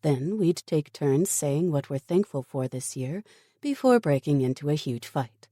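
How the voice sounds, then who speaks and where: A woman voicing a gentle, kind woman doctor in an audiobook, on a low, dark voice. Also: animated, unhurried, no echo, studio quality.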